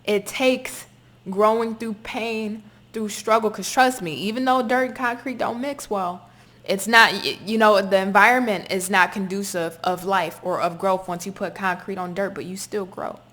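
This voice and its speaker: A woman's voice: mid-range voice, fairly even intonation, normal speed, a bit bright. A woman giving a spoken tarot reading to her viewers, talking emphatically, repeating herself and swearing freely. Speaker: tarot reader.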